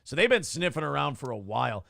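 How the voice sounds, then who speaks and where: A man's voice: fairly high pitch, sing-song, fast, vocal fry, bright, forceful tone, no room sound, studio quality. A man hosting a morning show in casual chat, crude and joking, reading out viewer chat.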